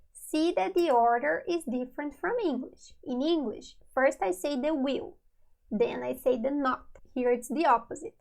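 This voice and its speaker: A woman's voice: sits high, creaky, low-quality recording. A woman teaching a lesson, patiently repeating each example. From Brazil. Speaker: Portuguese teacher. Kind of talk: online language lesson.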